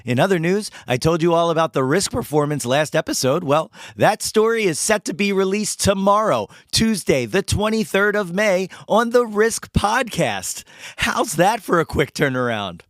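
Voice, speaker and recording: A man hosting a podcast with a hoarse voice after losing it singing, talking in a playful, hyped-up way. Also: high voice, animated, normal speed, fairly bright tone, no room sound, studio quality. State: hoarse, lost his voice. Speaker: podcast host. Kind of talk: casual podcast chat and ad reads.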